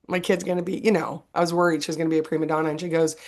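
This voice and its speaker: Animated woman hosting a podcast. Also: low voice, very fast, hardly any pauses. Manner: animated storyteller, laughs often. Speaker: podcast host. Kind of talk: casual interview chat.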